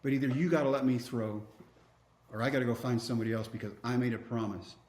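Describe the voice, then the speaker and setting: A man in his fifties from Texas, a podcast guest telling a story in an animated way, acting out dialogue with wry, self-mocking humor. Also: medium pitch, fast. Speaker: podcast guest, former pitcher. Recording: roomy echo.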